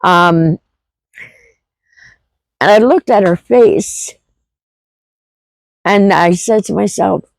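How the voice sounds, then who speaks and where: Slow-talking heartfelt woman storyteller. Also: mid-range voice, gravelly, no room sound, rough recording. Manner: rambling, heartfelt, with frequent fillers and restarts. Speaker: homesteading vlogger. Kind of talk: casual personal storytelling.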